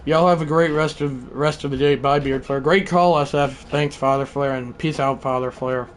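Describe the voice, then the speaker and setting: A man hosting a live stream, calling a video game baseball match, shouting at big moments and mumbling goodbyes to chat. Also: normal speed. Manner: excitable, shouts celebrations then drops to low mumbles. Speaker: livestream host.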